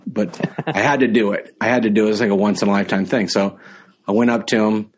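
A man who is a guest comedian, telling an anecdote in a quick, animated way. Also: lowish voice, slightly rough. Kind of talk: casual anecdote.

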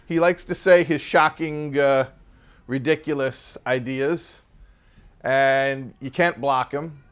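A man's voice: mid-range voice, steady tone, slow pace, fairly bright tone, clean tone. A man teaching a religious text class in a casual, joking storytelling manner.

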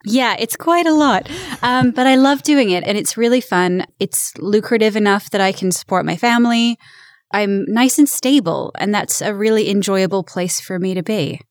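A young adult woman, English-born, talking in an American accent with British traces, chatting lively as an interview guest. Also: mid-range voice, normal speed, no room sound, clean studio sound. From England. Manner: lively, chatty, laughs easily. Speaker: voice actor guest. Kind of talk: casual interview chat.

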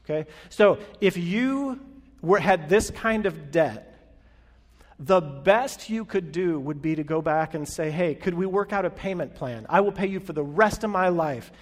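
A man preaches a sermon as pastor in a big hall, his slightly raised voice trailing into a long reverb. He talks conversationally and tosses questions at the room. He swells and drops his loudness to land his points. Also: sits high, animated, unhurried. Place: large hall with an audience.

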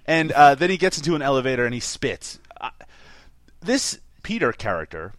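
A man co-hosting a casual podcast movie review, animated and laughing often as he explains details. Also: mid-range voice, moderate pace, no echo. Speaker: podcast co-host.

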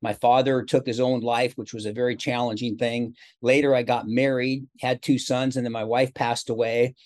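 Man, 60s, motivational speaker guesting on a podcast; chatty storyteller, voice of middling pitch. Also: normal speed. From Seattle, USA. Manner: chatty, animated storyteller with quoted dialogue. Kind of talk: casual interview storytelling.

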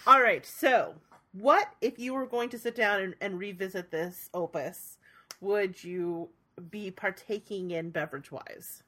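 A woman's voice: medium pitch, unhurried, pushed and bright. A young woman co-hosting a podcast, chatting casually and laughing often, with plenty of "like" in her talk. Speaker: podcast co-host. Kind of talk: casual chat.

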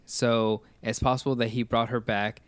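A man's voice: medium pitch, little pitch movement, normal speed, dry recording, studio quality. A man casually discussing movies on a podcast, rambling and full of questions and restarts.

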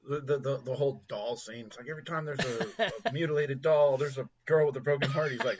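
A man chatting casually as a podcast co-host, rambling with halting restarts and frequent laughter. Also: a little high, lively intonation, very noisy. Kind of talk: casual chat about comedy films.

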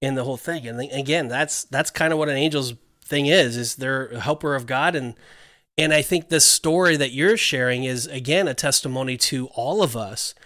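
A man's voice: medium pitch, normal speed, fairly bright tone, dry recording, clean studio sound. A man, a pastor who co-hosts a Christian podcast, talking earnestly and reflectively about faith in casual chat.

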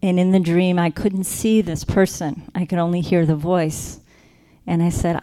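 A woman sharing a personal faith testimony, earnest and reflective, slowing down to stress key moments. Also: on the low side, fairly even intonation, mellow. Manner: earnest, reflective, slows down for emphasis.

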